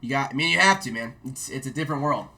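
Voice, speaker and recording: Profane, animated man telling war stories. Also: medium pitch, fast talker. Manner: profane, animated storyteller who mimics shouts. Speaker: guest, army veteran. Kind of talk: casual storytelling.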